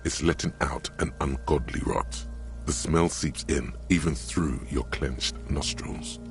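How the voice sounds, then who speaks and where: A man narrating a video game in a measured, grim, gravelly voice. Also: music in the background. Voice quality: gravelly, deep.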